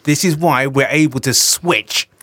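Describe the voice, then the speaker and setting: A man's voice: medium pitch, a little slow, pushed and bright, no echo. A man hosting a radio show in casual, opinionated chat, trailing off mid-sentence. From Britain. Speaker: radio host.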